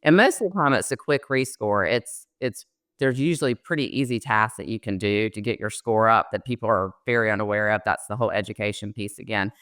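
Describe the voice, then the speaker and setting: A woman's voice: extremely low pitch, fairly quick, fairly bright tone, no echo, clean studio sound. A middle-aged woman, a mortgage loan officer, explaining credit scores in a casual podcast interview with frequent fillers.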